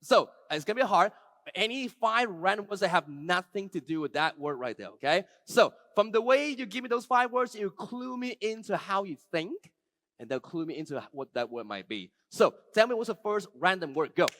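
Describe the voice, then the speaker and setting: A man giving a live keynote talk, running a magic trick with a volunteer before an audience, shifting from soft, slow passages to loud, excited calls. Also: sits high, dry recording.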